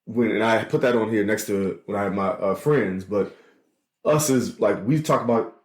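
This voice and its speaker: A man, co-hosting a casual podcast chat, playful and quick to laugh as he teases his co-host. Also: fairly low pitch, echoey room. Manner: animated, laughing often, playful teasing.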